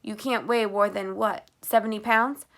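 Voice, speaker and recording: A woman reading a calm, probing male sheriff. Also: medium pitch, normal speed, vocal fry. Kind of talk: audiobook character reading.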